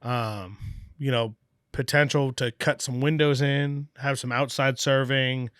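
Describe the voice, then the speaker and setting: A man tells a story in a relaxed podcast chat, jumping into other people's voices as he goes. His voice sits mid-range for a man, and the sound is dry and close, with no room around it. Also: mid-range voice, a little slow, clear, resonant tone, no room sound. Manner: animated, acts out quoted dialogue, swears casually. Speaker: podcast guest, brewery owner. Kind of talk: casual storytelling.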